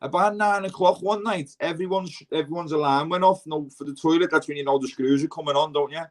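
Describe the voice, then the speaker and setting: A man's voice: fairly high pitch, a little fast. A man with a Scouse accent, hosting a casual chat and telling rambling, slangy prison stories full of quoted dialogue. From Liverpool. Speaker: podcast host.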